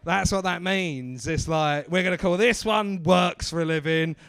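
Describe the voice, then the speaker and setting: A man's voice: sits high, normal speed, vocal fry, a bit bright, clean tone, no echo, studio quality. A man working as a comedy club MC, doing brash, teasing crowd work on stage and swearing freely into a handheld mic.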